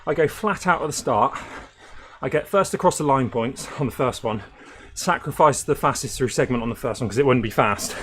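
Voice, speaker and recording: A man's voice: medium pitch, a little fast, a bit bright, slight background noise. A man chatting with viewers while racing on an indoor trainer, laughing often and short of breath from riding. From United Kingdom. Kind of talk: casual chat while racing.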